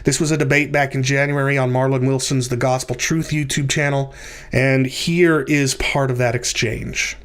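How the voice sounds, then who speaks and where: A man's voice: medium pitch, little pitch movement, normal speed, fairly bright tone, clear, resonant tone. A man hosting a theology podcast, teaching in a lecture style over slides, with frequent fillers and restarts.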